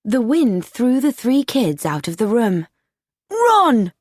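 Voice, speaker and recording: A woman narrates an audiobook story at a very slow, careful pace. Her pitch moves lively up and down, and the recording is dry and close. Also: no echo. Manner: slow, clear storybook reading.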